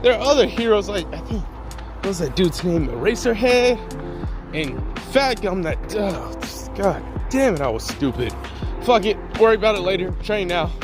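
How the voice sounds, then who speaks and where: A man's voice: sits high, lively intonation, normal speed, music in the background. A man casually improvising a fan-fiction story in slangy, rambling talk full of asides.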